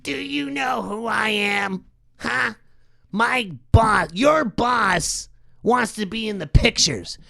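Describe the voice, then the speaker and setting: Man putting on a high, gravelly, shouty movie mogul, crude and arrogant. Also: no room sound, clean studio sound, full character voice. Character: blustering entitled male Hollywood mogul.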